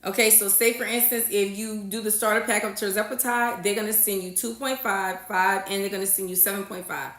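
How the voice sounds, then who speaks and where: A woman's voice: mid-range voice, fairly even intonation, fairly quick, hardly any pauses, a bit bright, reverberant. Chatty woman hosting a live stream. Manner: chatty, repeats phrases, reads and answers chat comments. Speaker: livestream host, registered nurse. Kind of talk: casual livestream chat with viewers. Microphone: phone or webcam livestream setup.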